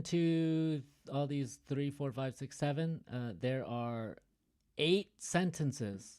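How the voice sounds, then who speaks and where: A man's voice: mid-range voice, a little mellow. A man teaching an online reading lesson, talking casually, stopping often to explain and joke. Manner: chatty, stops to explain and joke.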